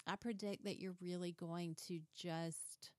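A woman's voice: lowish voice, measured pace, no room sound. A woman hosting a podcast, chatting casually and animatedly, acting out little quoted scenes as she tells stories. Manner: chatty, animated storyteller who acts out quotes. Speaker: podcast host. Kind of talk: casual interview chat.

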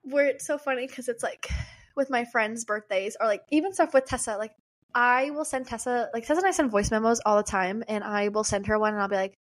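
A woman's voice: a little high, a little fast. A young woman co-hosting a podcast, chatting casually with many "like"s and acted-out quotes. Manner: chatty, lots of "like", acts out quotes. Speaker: podcast co-host. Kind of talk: casual chat.

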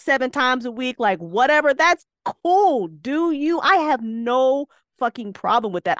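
A woman's voice: fairly high pitch, fairly bright tone, no room sound, studio quality. A woman speaking as a podcast guest and writer, blunt and fiery, swearing freely. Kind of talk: casual podcast chat.

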